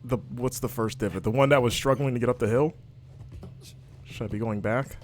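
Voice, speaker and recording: Speaking fairly quickly in a steady, medium-pitched voice, a livestream host talks through his own gameplay with casual chatter and jokes, with slight background noise behind him.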